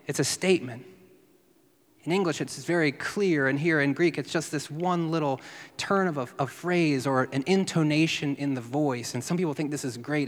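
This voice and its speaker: A man preaching a sermon in a lively teaching style, sometimes falling to a near whisper. His voice sits at a middle pitch. It rings with the long reverb of a large church hall. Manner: teaching, lively, drops to a hush for quotes. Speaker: pastor.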